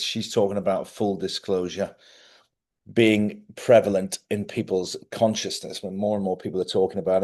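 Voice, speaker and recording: A man's voice: on the low side, darkish tone. Rambling male live-stream host. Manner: rambling, conversational, repeats himself and asks listeners "yeah?". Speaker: host of a live spiritual talk show. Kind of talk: casual live-stream talk. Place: studio.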